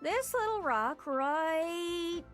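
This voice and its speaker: A bright, high, excitable game traveler woman with a Newfoundland accent, her voice leaping lively up and down. She sounds friendly and talkative over clear game music. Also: drawn-out words, exaggerated voice. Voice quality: chirpy, excitable. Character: friendly red-haired globe-headed woman traveler. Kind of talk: video game character voice.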